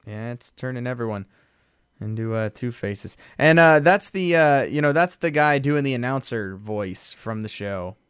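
A relaxed man co-hosting a podcast, his voice smooth and clear. He chats loosely over a movie, chuckling and drifting into fillers. The sound is close and dry, with no room around it. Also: mid-range voice, moderate pace, no echo. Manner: laid-back, chuckling, trailing off with fillers. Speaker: podcast co-host. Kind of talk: casual movie commentary chat.

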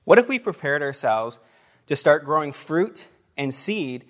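A man's voice: a little high, sing-song, measured pace, a bit bright. A man giving a casual, conversational sermon to a group, with frequent asides, fillers and little laughs between phrases. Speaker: preacher.

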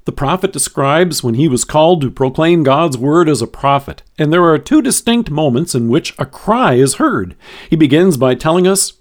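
Guy reading a devotion podcast, kinda high voice, super animated, close mic. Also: moderate pace. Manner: expressive, dramatic scripture reading. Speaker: devotion speaker.

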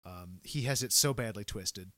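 A man's voice: on the low side, moderate pace, a bit bright, dry recording. Enthusiastic man in casual podcast chat. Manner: enthusiastic, chatty, many fillers. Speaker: podcast co-host.

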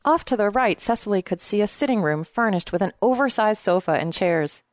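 A woman narrating a novel in a steady, measured storytelling manner. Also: mid-range voice, dry recording, studio quality. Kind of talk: audiobook narration.

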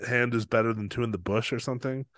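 Male podcast co-host, animated casual storyteller, dry close mic. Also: medium pitch, quick pace, no echo. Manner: animated, acts out quoted people, laughs often.

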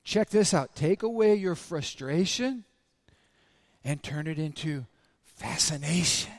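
Male pastor with a high voice and a slightly raspy throat, lively sermon full of crowd questions, dry close sound. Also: takes it slowly, no room sound. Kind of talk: sermon to a congregation.

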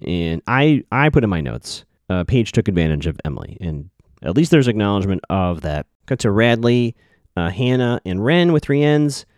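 A man's voice: lowish voice, sing-song, normal speed, a little mellow, no room sound, clean studio sound. A man giving a casual recap of a TV episode, thinking aloud and correcting himself as he goes.

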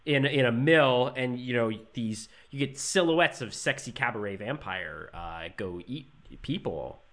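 A man co-hosting a casual movie recap podcast, talking in halting, emphatic bursts. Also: medium pitch, lively intonation, fairly bright tone. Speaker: podcast co-host.

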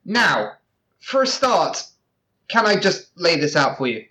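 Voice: medium pitch, big pitch swings, a little slow, bright, forceful tone. A player voicing an impatient, dismissive male adventurer in a tabletop game, curt and condescending.

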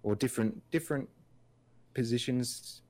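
A man's voice: mid-range voice, moderate pace, darkish tone, no room sound. A man co-hosting a casual podcast, rambling through his points with lots of filler words and restarts. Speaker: podcast co-host. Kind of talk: casual chat.

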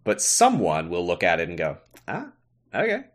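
A man's voice: low voice, wildly swooping pitch, fairly quick. A man co-hosting a podcast, chatting casually and jokingly about a TV episode, with some swearing. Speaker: podcast co-host. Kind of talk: casual chat recapping a TV episode.

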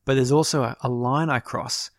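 A man hosting his own podcast, talking through ideas in a casual, reflective monologue and often pausing to correct himself. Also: medium pitch, steady tone, no room sound, studio quality. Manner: thoughtful, explanatory, restarts and self-corrections.

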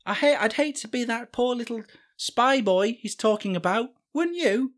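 A woman's voice: fairly high pitch, lively intonation, moderate pace, close to an everyday voice. A woman voicing an odd, creepy boy who hosts a spy podcast, rambling and awkward with lots of fillers. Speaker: podcast host.

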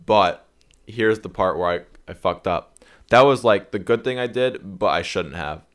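A man's voice: on the low side, normal speed. A young man casually telling a rambling story, swearing a lot and acting out quotes. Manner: rambling, animated retelling with acted-out quotes; swearing, slangy. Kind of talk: casual chat.

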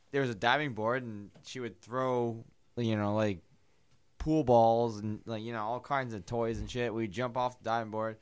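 A man's voice: medium pitch, clear, resonant tone. A man chatting on a podcast and telling a story in a rowdy, profane way. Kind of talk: casual chat.

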